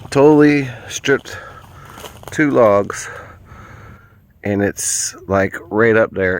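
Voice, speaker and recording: A man's voice: low voice, vocal fry. Man rambling in the woods. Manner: rambling, musing. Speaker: vlogger. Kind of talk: casual outdoor vlog. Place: woods outdoors.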